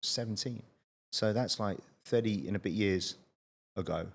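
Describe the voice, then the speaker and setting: A man in his late forties, hosting a podcast interview and telling stories in a lively, chatty way. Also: on the low side, moderate pace, vocal fry. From United Kingdom. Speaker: podcast host. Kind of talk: casual interview chat.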